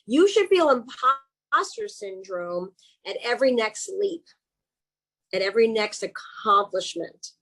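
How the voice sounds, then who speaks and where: A woman with a Southern accent coaches a webinar audience over a video call. Her voice has a husky grain, and she keeps her delivery chatty and animated. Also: fairly high pitch, a little slow, poor audio. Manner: chatty and animated, with self-mocking asides. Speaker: executive coach. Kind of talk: webinar presentation.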